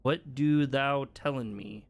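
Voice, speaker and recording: A man's voice: medium pitch, slow, no echo, lightly acted. A man voicing a stern, menacing male woodcutter who talks in faux-Olde English and accuses others. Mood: accusing.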